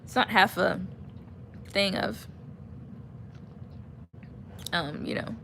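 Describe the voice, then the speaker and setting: A woman's voice: medium pitch, extremely slow, vocal fry, sharp tone, a little hiss or hum. A young woman chatting casually on a livestream, answering viewer comments and drifting, laughing and trailing off mid-sentence. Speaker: vlogger reading viewer comments. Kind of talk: casual rambling livestream chat.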